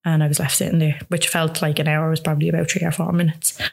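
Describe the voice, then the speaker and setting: A woman's voice: low-pitched, level tone, fast, creaky. A young Irish woman frankly telling a personal story in conversation, speaking earnestly and often filling with "like". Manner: earnest, frank, lots of "like" fillers. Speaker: guest.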